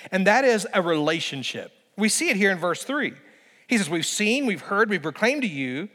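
A male pastor preaching a sermon with emphasis, slowing down to stress key phrases. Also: high-pitched, fairly bright tone, big-room sound.

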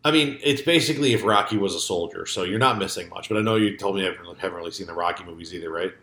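Rambling, low-voiced podcast co-host man. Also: racing, fairly bright tone. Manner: loose, profane, rambling with many fillers. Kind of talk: casual chat. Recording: echoey room.

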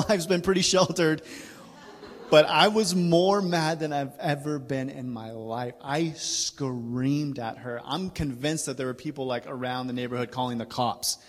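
A man in his thirties, a guest speaker preaching a sermon through a candid, self-deprecating personal story. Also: mid-range voice. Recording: reverberant hall.

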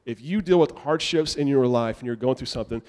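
A young adult man preaching a sermon to a church congregation in a casual, animated conversational way. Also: mid-range voice, fairly quick. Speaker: pastor. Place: church sanctuary.

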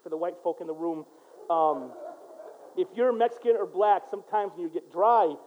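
Man preaching, high voice, swings from hushed to loud, dull lo-fi sound. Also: normal speed, a little hiss or hum. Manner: swings from hushed prayer to loud emphatic exhortation. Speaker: pastor. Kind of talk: sermon.

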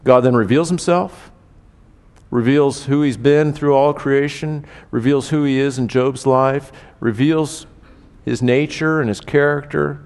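A male pastor gives a conversational sermon, talking to his listeners directly. He gets animated, jumping up in pitch and volume when he acts out the voices of the people in his text. He drops low and quiet when he draws out the lesson. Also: measured pace, in a large hall.

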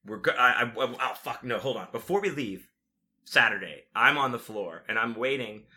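Man, very bright tone, casual storytelling, rambling, profane, filler-heavy. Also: medium pitch, animated, moderate pace.

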